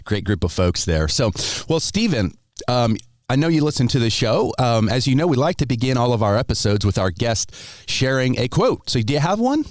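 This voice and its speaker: A man's voice: mid-range voice, sing-song, moderate pace, no room sound, studio quality. An American man hosting a podcast in casual chat, laughing often and restarting his sentences. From United States. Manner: chatty, laughs often, many fillers and restarts. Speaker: podcast host.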